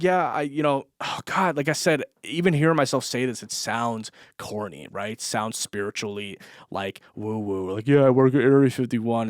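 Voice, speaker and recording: A man's voice: a little high, no echo, clean studio sound. A young man telling a long story on his vlog, rambling and swearing with lots of fillers and laughs. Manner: rambling, profane, full of fillers, laughs often. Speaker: vlogger. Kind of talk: casual storytelling monologue.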